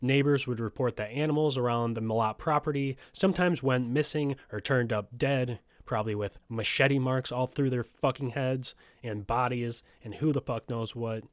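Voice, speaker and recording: A man's voice: medium pitch, fairly even intonation, moderate pace, hardly any pauses, no echo, studio quality. A man hosting a true crime podcast, reading a script and breaking off into joking, profane asides. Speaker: podcast host.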